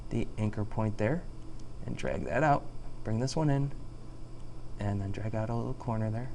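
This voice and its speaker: A man teaching a software tutorial over a screen recording, chatty and jokey, talking through each click. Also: fairly low pitch, a little hiss or hum.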